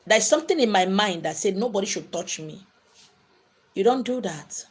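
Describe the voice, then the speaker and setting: The host, a woman with an animated mid-range voice and moderate pace, runs a spiritual livestream indoors and takes questions from viewers. She talks emphatically and preachily, hammering points home through repetition.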